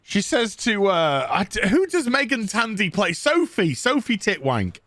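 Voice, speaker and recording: A man's voice: sits high, big pitch swings, a little slow, a bit bright, dry recording. A man giving a crude, sarcastic, mocking recap of a TV episode as a show reviewer.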